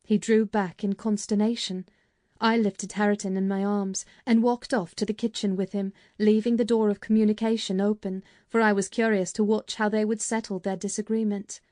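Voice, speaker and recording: Woman audiobook narrator, warm mellow tone, dry close studio sound, measured delivery. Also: mid-range voice, level tone, no echo. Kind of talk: scripted narration.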